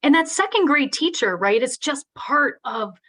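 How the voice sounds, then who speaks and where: A woman's voice: high-pitched, lively intonation, normal speed, a bit bright. A middle-aged woman giving a live online keynote on special education, talking earnestly and conversationally and often checking in with "right?".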